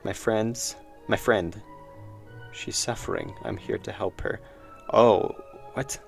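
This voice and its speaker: Gravelly low-voiced man streaming a game. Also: steady tone, takes it slowly, faint music behind. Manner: musing, reads game dialogue aloud. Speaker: streamer playing a horror game. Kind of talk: casual game commentary.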